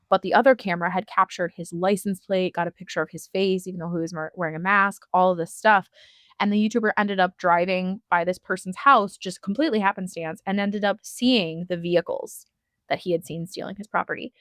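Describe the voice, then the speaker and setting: A woman's voice: medium pitch, a bit bright, no room sound. A woman co-hosting a casual podcast, telling long stories and acting out the people in them. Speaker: podcast co-host.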